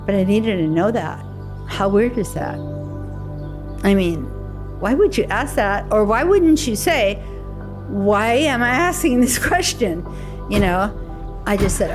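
A woman's voice: medium pitch, expressive, unhurried, pauses often, music in the background. An older woman telling a personal story in a conversational way, acting out remembered dialogue. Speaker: interview guest.

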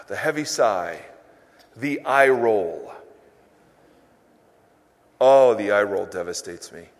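Animated preacher man, lively pitch. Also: slow pace, long pauses, big-room sound. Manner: animated and emphatic, with self-mocking humor. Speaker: pastor. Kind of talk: sermon. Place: large church hall.

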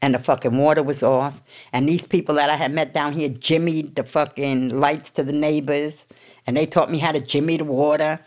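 A woman's voice: low voice, steady tone, moderate pace, a little mellow. A woman from New York telling her recovery story to an audience in a blunt, profane, emotional way. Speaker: recovery speaker. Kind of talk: candid personal recovery story.

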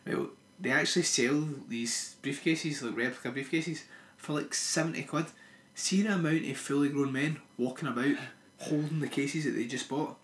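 A Scottish man co-hosting a podcast, telling sweary, animated stories in casual chat. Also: medium pitch, moderate pace. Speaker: podcast co-host. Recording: echoey room.

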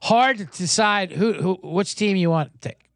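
A man hosting a sports betting podcast, telling a casino story and giving picks in a profane, animated way with shouted crowd chants. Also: high voice, normal speed, vocal fry, dry recording, studio quality.

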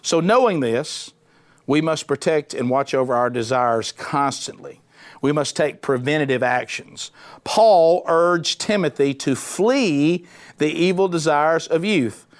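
Man preaching, middle-aged, lively swings in pitch, conversational, punchy, a bit high-voiced. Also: a little slow. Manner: animated, conversational, punchy repetition. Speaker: preacher, former radio host. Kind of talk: sermon.

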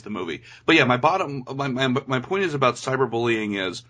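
A man's voice: medium pitch, fairly quick, few pauses, fairly bright tone. Guy ranting about a movie, swears a lot, blunt, just chatting with his cohost. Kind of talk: casual movie review chat.

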